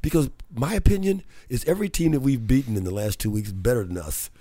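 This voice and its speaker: This man hosts a radio talk show, moving from motivational remarks into animated banter peppered with laughter. He talks fast at a medium pitch, with no echo in the recording.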